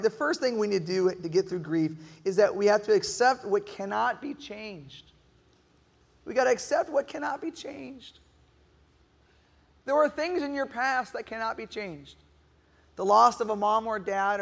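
High-voiced pastor preaching in a reverberant hall. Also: male voice, normal speed, gravelly. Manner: preaching with call-and-response questions to the congregation; acts out whiny moaning voices for effect. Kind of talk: sermon. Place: church hall.

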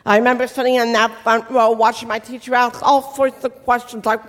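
A deaf woman delivers a motivational faith talk to an audience. Her speech carries the distinctive, accent-like sound of someone who learned to speak without hearing. She shapes each word slowly and carefully, and her voice trails off into the long reverb of a large hall. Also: a little high, flat delivery. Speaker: inspirational speaker.

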